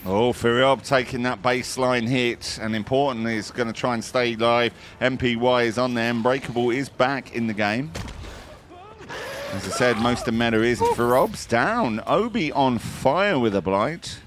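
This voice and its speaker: A man's voice: medium pitch, normal speed, a bit bright, slight background noise. A man hosting and casting a tournament live, giving play-by-play with irreverent jokes and banter. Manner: jokey, irreverent, with playful banter. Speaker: esports tournament caster and host.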